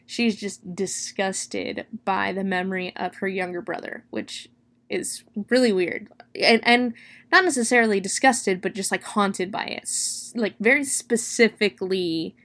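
A woman with a medium-pitched, unhurried voice reviews a book, casually retelling its grim plot. She is chatty and expressive, peppering her speech with "like" and "you know" and lingering on the gory details.

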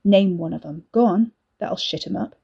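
Here is a woman putting on a swaggering young thug from a dark storybook, all sneering menace and coarse threats. The tone is warm and mellow, with a husky, breathy edge. The recording sounds dull and lo-fi. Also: medium pitch, moderate pace. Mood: menacing. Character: menacing swaggering young man, bully brother.

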